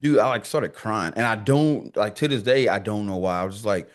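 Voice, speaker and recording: As a podcast guest, this man speaks briskly in a lowish voice. The conversation is laid-back and full of slang, with animated stories where he acts out quoted dialogue.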